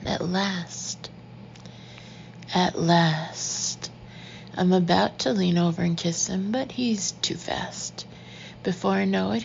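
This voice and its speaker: A woman reading a first-person story aloud in an intimate, often hushed and breathy manner. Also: fairly low pitch, lo-fi sound, slight background noise. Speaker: audiobook narrator. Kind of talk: first-person audiobook narration.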